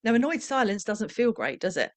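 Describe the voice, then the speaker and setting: A woman's voice: on the high side, big pitch swings, brisk, no echo. A middle-aged woman who trains professionals in parenting, speaking in a candid, reflective, conversational way and slipping into the voices of the parents and children she quotes.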